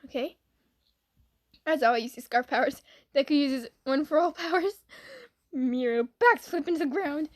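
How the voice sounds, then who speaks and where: Woman, high voice, giggly, excitable, casual comment-reading vlog, dry close sound. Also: moderate pace, dry recording. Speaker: video creator reading comments.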